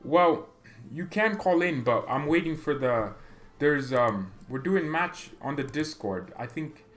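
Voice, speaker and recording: A young man with a slightly high, somewhat bright voice speaks in an animated yet unhurried way. Hosting a livestream for a fan channel, he rambles, reads viewer comments aloud, stammers frequently, and laughs often.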